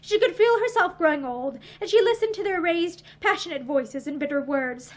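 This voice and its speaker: A woman narrating a novel aloud in a measured, expressive storytelling manner, sitting indoors among bookshelves facing the camera. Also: extremely high pitch.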